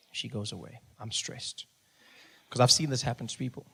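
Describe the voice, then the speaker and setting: A male stand-up comedian, telling a story in an animated way and acting out scenes. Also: mid-range voice, moderate pace, vocal fry, breathy edge. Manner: animated, acts out scenes, rising to shouts.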